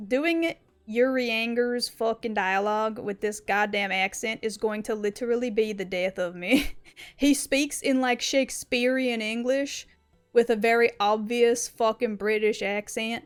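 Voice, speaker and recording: A woman's voice: on the high side, a little slow, smooth, soft background music. A young woman streaming a game, chatting casually and reading dialogue aloud, laughing often and swearing playfully. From not American.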